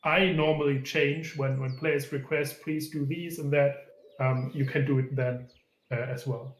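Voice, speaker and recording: A man who is a game developer, chatting casually and halting often as he searches for words. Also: mid-range voice, flat delivery, a little hiss or hum. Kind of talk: casual chat. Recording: echoey room.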